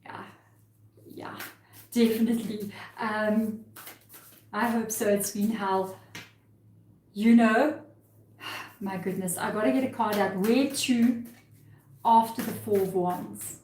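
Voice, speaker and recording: A woman's voice: medium pitch, steady tone, takes it slowly, long pauses, darkish tone, a little hiss or hum. Woman, live tarot reading, earnest, emotional, echoey room. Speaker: tarot reader.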